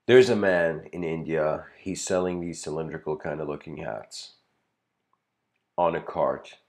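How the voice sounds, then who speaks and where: A man's voice: rumbling low, fairly even intonation, slow, long pauses, darkish tone. A man giving a casual lecture, telling a story in a rambling way with lots of filler words and frequent chuckles.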